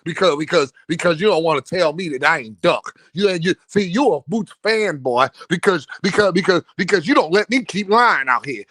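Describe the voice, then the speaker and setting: A man hosting a boxing livestream in casual, profane street talk, reading super chats and repeating words in rapid stammering bursts. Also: a little high, lively intonation, fairly bright tone, no room sound. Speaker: livestream host.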